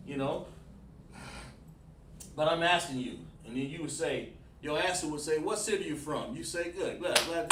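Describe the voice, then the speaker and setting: A man teaching a casual class at a whiteboard, talking in a relaxed, folksy way and often repeating himself as he addresses students directly. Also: fairly high pitch, a little hiss or hum. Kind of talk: casual classroom lesson streamed online. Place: room with a whiteboard. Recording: echoey room, speaker far from mic.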